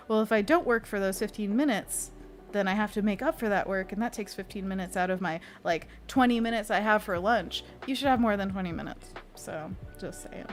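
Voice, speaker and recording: A chatty woman hosts a casual live stream, reading viewers' comments out loud and laughing easily between them. She talks in a playful, easygoing way at a middle pitch. Soft music plays faintly in the background. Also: a little fast. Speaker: livestream host and freelance illustrator. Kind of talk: casual livestream chat, reading chat aloud.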